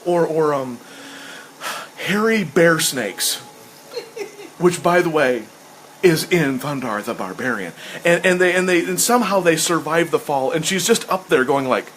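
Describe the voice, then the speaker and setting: A man's voice: on the high side, expressive, unhurried, a bit bright, slight background noise, rough recording. Rambling, enthusiastic man chatting casually. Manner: rambling and enthusiastic, acts out quoted lines. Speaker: host. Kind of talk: casual chat while sketching.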